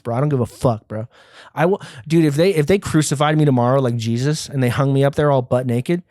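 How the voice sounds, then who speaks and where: Rambling, foul-mouthed young podcast host. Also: male voice, medium pitch, darkish tone, no echo, clean studio sound. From United States. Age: young adult. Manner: rambling, profane, often laughing. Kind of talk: comedic solo podcast monologue.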